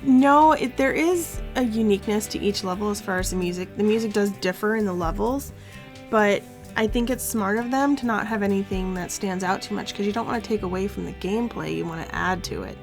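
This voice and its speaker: A woman co-hosting a casual game review, playful and quick to laugh, with some dry teasing. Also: medium pitch, soft background music.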